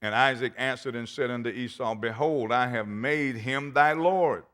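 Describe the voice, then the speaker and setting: A man's voice: mid-range voice, normal speed, few pauses, fairly bright tone. A man, a pastor, preaching a sermon and reading scripture aloud with dramatic emphasis. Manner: reads scripture aloud in old-fashioned wording.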